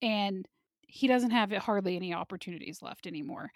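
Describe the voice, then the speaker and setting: A woman's voice: medium pitch, brisk, no echo, studio quality. A woman co-hosting a podcast, chatting casually and giving strong opinions while she reviews movies. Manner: opinionated, chatty, laughs often. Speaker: podcast co-host.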